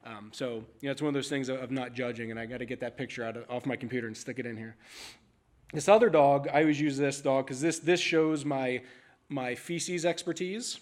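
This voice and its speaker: A man giving a conference talk as an animal services manager, telling stories in a casual, frank, animated way. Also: mid-range voice, a little fast. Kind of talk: conference presentation. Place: conference stage.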